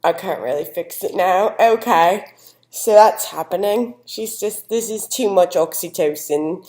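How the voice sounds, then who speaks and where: A woman's voice: on the low side, a little slow, warm tone, natural voice. A young woman playing a chatty, folksy expert from the American South with a Southern accent, rambling and talking to her dog, in an echoey room. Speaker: guest expert in a mock news segment.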